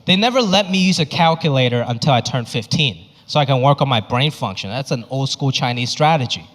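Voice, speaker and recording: A male stand-up comedian performing his set on a comedy club stage into a handheld mic, animated and acting out voices. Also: medium pitch, a little fast. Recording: echoey club with faint crowd.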